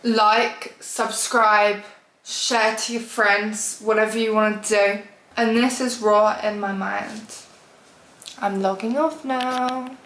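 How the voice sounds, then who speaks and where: A young woman telling a storytime vlog story in an animated, exasperated way and laughing often. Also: mid-range voice, takes it slowly, echoey room, rough recording. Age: young adult. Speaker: vlogger.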